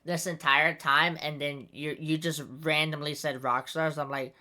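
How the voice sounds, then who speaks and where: A woman's voice: deep voice, level tone, moderate pace, pushed and bright. A woman hosting a podcast in casual chat, rambling with many fillers and frequent laughter. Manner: giggly, rambling, lots of fillers. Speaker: podcast host.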